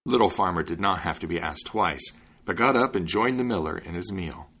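Gravelly, expressive male storyteller. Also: low voice, a little fast. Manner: lively, expressive storytelling with acted voices. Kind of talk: reading a fairy tale aloud.

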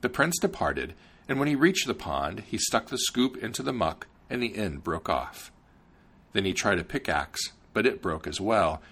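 A man narrating a fairy tale in an expressive storybook style. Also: sits low, husky.

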